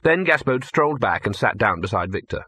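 A man's voice: medium pitch, lively intonation, fairly quick, sharp tone, slightly rough, no room sound. A man reading a comic fantasy story aloud in a dry, wry storytelling manner. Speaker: audiobook narrator. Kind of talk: scripted narration.

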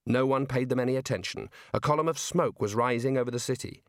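A man reading an audiobook in even, measured scripted narration. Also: medium pitch, dry recording, studio quality.

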